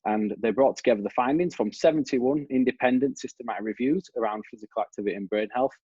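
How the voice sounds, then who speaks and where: A man's voice: mid-range voice, fast talker, mellow, slightly rough, no echo, lo-fi sound. A man with a Yorkshire accent giving a conversational academic presentation over a video call. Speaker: researcher giving a talk.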